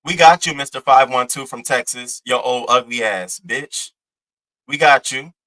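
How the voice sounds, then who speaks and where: A man's voice: mid-range voice, normal speed, bright, forceful tone, rough recording. A young man hosting a livestream, delivering brash, profane, taunting trash talk at a rival. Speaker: live-stream host. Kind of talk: heated livestream rant.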